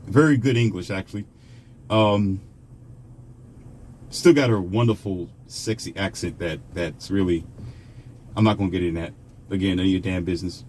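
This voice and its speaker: Low-voiced man telling a story. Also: normal speed, long pauses, a little mellow, a little hiss or hum. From United States. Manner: chatty, conversational, with frequent fillers and asides to the viewer. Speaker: vlogger. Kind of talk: casual storytelling monologue.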